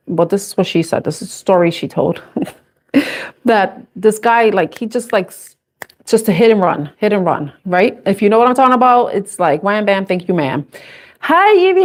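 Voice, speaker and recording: A young adult woman doing a live intuitive tarot reading, chatty and casual, laughing often and swearing freely. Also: mid-range voice. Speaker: tarot reader.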